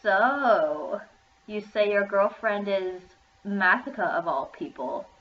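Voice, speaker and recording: A woman's voice: sits low, a little slow. A woman reading the part of a sly, scornful teenage girl, in an echoey room with dull sound. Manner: sneering, sly.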